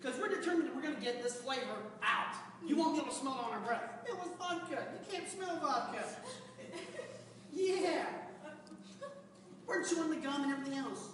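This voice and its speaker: A man's voice: very high-pitched, normal speed, a crowd in the background. Man telling a funny story in an echoey hall. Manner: animated storytelling, laughs along with the audience. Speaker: speaker at a public speaking club. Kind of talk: humorous personal story speech. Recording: echoey hall, recorded from far off. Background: audience laughter.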